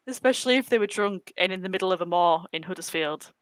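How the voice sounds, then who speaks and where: A woman's voice: on the low side, a little fast, no echo, rough recording. A young woman co-hosting a casual live chat, chatty and laughing often. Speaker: co-host, former brewery worker.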